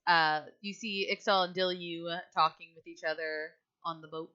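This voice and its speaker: Bright-voiced woman narrating a tabletop game. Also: fairly low pitch, fairly even intonation, clear, resonant tone, highs cut off. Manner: casual, halting narration with sighs and fillers. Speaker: game master.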